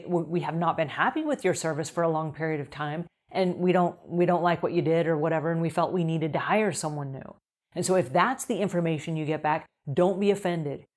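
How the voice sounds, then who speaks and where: A middle-aged woman speaks straight to the camera in an upbeat advice video for house cleaners. Her voice sits on the low side for a woman. She keeps things lively by acting out short quoted exchanges with customers. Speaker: house cleaning business coach.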